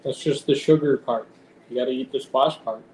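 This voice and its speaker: A man's voice: mid-range voice, steady tone, brisk, a little mellow. A man rambling casually on a live stream at home, swearing now and then and talking to his cat. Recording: roomy with faint background noise.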